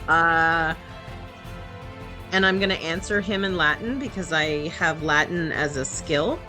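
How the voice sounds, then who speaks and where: A player with a bright, forceful voice casually describes their character's actions in a tabletop game. Faint music plays in the background. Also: mid-range voice, expressive, normal speed.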